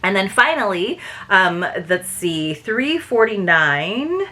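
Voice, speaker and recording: A woman's voice: mid-range voice, big pitch swings, slow pace, pushed and bright. A woman in a casual unboxing video, chatting to viewers as "you guys" and reading bits aloud. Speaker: book box reviewer.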